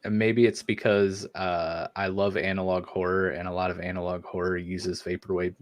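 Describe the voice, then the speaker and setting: A man hosting a podcast, reading listener comments in a relaxed way with many fillers. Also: deep voice, normal speed, no room sound. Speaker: podcast host. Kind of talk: casual podcast chat.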